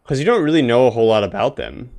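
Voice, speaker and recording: A man's voice: medium pitch, very animated, quick pace, darkish tone. A man streaming a video game, chatting and joking casually with his viewers. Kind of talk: casual gameplay commentary.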